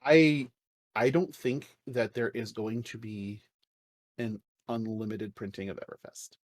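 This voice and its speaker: Animated man co-hosting a podcast. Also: lowish voice, a little slow. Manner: animated, swearing, joking. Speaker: podcast co-host. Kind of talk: casual podcast chat.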